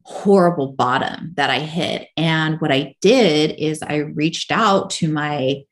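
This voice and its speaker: A woman's voice: low voice, takes it slowly. A woman guest on a podcast, telling her personal story candidly in a casual, rambling way full of "like". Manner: casual, rambling, heavy use of "like".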